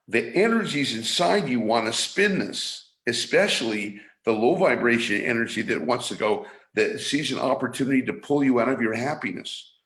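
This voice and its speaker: A man mentoring listeners on energy awareness, speaking in a teaching manner and acting out anxious inner thoughts in a higher voice. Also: a bit bright. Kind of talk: motivational teaching talk. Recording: roomy echo.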